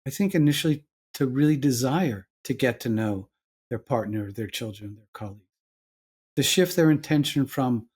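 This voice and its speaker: Husky New York man, older. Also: mid-range voice, moderate pace, a little mellow. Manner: acts out little dialogues with shifting voices. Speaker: guest psychologist and author. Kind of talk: reflective interview talk.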